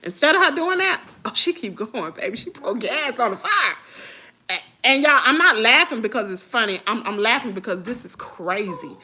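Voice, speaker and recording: A high-voiced woman runs a gossip livestream. She talks straight to her viewers with sass, and her voice leaps all over the place. The tone is bright and sharp. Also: expressive, normal speed. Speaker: livestream host. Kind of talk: casual gossip commentary livestream.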